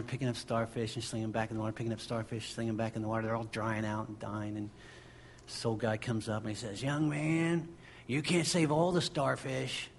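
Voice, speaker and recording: A man's voice: mid-range voice, a little mellow, slight background noise. A man preaching a sermon, impassioned and building through repeated phrases. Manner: impassioned, driving repetition.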